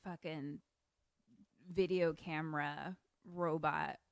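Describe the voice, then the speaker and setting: A woman co-hosting a podcast in casual chat, making quiet, deadpan asides and jokes, on a remote call. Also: deep voice, slow, dry recording, clean studio sound. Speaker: podcast co-host. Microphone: remote call setup.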